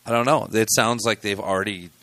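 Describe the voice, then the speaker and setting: A man's voice: lowish voice, steady tone, a little fast, a bit bright, no echo. A man co-hosting a casual political talk show, wry and indignant, with hesitant fillers. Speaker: co-host.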